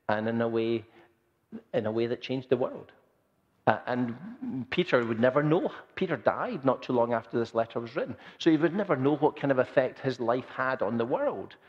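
A man preaching a sermon in an earnest, conversational way, often repeating phrases for emphasis. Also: mid-range voice. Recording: dull sound with long hall reverb.

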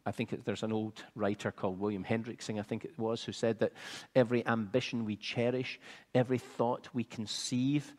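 A man preaching a sermon, measured and earnest, building to fervent emphasis. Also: medium pitch, a little mellow, long reverb tail.

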